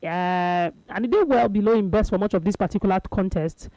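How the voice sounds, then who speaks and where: A woman's voice: medium pitch, a little fast, warm tone, no echo, rough recording. A woman with a Nigerian accent hosting a casual radio sports show, chatty and laughing, slipping into Pidgin with many fillers.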